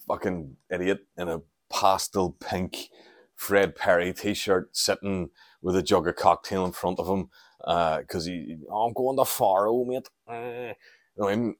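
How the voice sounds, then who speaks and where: Low-voiced Northern Irish man rambling. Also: dry recording. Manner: rambling, sweary, jokey storytelling. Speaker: podcast host. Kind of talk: casual solo podcast monologue. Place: at home, moving around the house doing chores.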